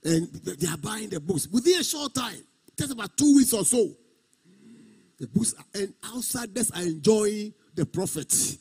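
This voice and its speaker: A man preaching a sermon in a high, husky voice. He stretches and half-sings key words and repeats phrases to drive them home. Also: animated, warm tone. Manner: preaching with sung, drawn-out emphasis and repetition. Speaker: pastor.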